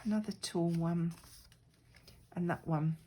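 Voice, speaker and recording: A woman's voice: on the low side, fairly even intonation, measured pace, mellow, slight background noise, poor audio. A middle-aged woman chatting casually and rambling a little while she works on a craft project, poking fun at herself. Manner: chatty, rambling, self-deprecating. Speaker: crafting vlogger.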